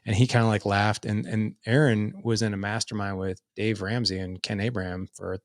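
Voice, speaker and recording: Gravelly middle-aged man, earnest guest. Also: lowish voice, level tone, moderate pace, no room sound, clean studio sound. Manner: earnest, loose and conversational with frequent "like" fillers. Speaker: podcast guest. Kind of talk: casual storytelling in an interview.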